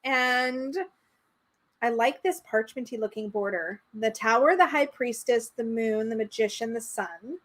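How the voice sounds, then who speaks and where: A woman co-hosting a live stream, chatting casually and gushing over card designs, quick to laugh at herself. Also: fairly high pitch. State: slight tickly throat, coughing. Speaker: co-host of a tarot livestream.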